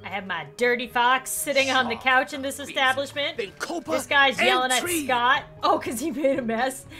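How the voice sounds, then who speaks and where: A young woman giving casual gameplay commentary, excitable, with quick exclamations and laughter. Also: high voice, music in the background. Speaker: gaming YouTuber.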